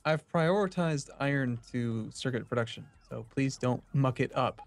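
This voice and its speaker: A man's voice: medium pitch, normal speed, no room sound. Matter-of-fact man in a game chat. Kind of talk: casual gaming chat.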